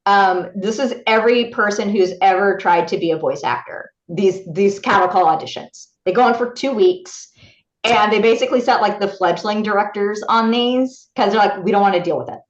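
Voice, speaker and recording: A woman voice actor, a guest on an interview show, telling a story in a lively way and acting out other people's lines in bright voices. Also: medium pitch, moderate pace. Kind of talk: animated anecdote telling. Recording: roomy, slightly dull recording.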